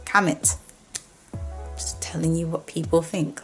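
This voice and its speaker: A woman's voice: on the low side, unhurried, soft background music. Chatty young woman from Nigeria. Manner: chatty, animated, with playful put-on voices of commenters. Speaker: vlogger. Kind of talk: casual talking-to-camera chat.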